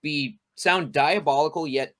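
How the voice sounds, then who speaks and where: A man chatting on a casual podcast panel, excitable, swearing freely and laughing loudly. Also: fairly high pitch, unhurried.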